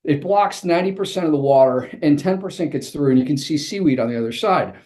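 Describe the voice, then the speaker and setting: A man with a somewhat higher speaking voice recounts a personal experience in a vivid, storytelling way. He is a guest on an interview show, an author and coach talking through events step by step. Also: fast, mellow.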